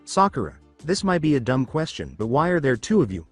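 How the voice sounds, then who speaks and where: A man's voice: mid-range voice, very animated, a little fast, soft background music. A man voicing a brash, impatient young male ninja in a fan storybook reading.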